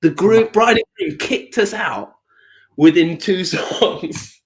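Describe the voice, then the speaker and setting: A man from England co-hosting a live music chat show, telling an anecdote in an animated way and often laughing. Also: high voice, slow pace. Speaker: show co-host. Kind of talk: casual storytelling chat.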